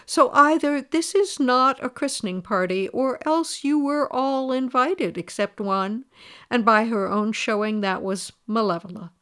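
A woman voicing a storybook king who lectures firmly and reasonably, in a smooth voice. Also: fairly high pitch, measured pace, fairly bright tone. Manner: firm, lecturing, then tender.

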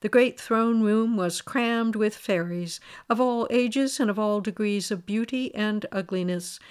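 A woman reading a fairy tale aloud, lively and expressive. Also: mid-range voice, unhurried, clean tone. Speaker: storyteller.

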